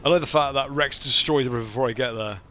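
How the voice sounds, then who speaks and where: A man's voice: medium pitch, very fast, sharp tone, soft background music. A man, casually commenting on his gameplay with playful asides. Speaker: let's play host.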